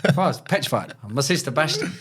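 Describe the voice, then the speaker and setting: A man's voice: on the high side, lively intonation, fairly quick, fairly bright tone, breathy edge. A young man, a podcast guest telling his life story in a blunt, slangy way with plenty of swearing. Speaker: podcast guest, former paratrooper and fighter. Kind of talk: casual storytelling interview.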